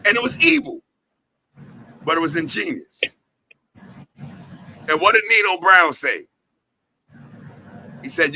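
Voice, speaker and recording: A man's voice: high voice, sing-song, slow, long pauses, sharp tone, slightly rough, low-quality recording. A man hosting his company's talk show, preaching in a profane, fired-up way and hammering points home with repeated lines and rhetorical questions. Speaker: host, head of an entertainment company.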